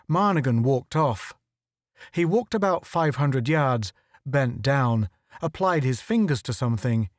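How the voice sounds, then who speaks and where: The recording is close and dry, free of any room sound, as a male audiobook narrator reads a story aloud. He keeps a steady, measured pace with a middle-range pitch throughout this scripted narration.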